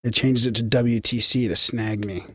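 A man's voice: medium pitch, fairly even intonation, normal speed, bright, forceful tone, no room sound. A man with a Canadian accent co-hosting a podcast in casual, rambling chat, reading out listener mail and laughing easily. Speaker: podcast co-host.

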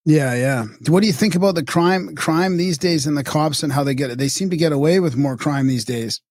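A man's voice: a little high, fairly quick, darkish tone, no room sound, studio quality. A man in his fifties hosting an interview, asking easygoing, reflective questions. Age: 50s. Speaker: host. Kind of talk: casual interview.

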